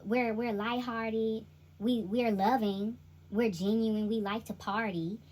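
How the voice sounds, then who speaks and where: A woman voicing carefree, merry ancestor spirits who want to party, in a slow, drawn-out, playful way. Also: fairly high pitch, fairly even intonation, a little mellow.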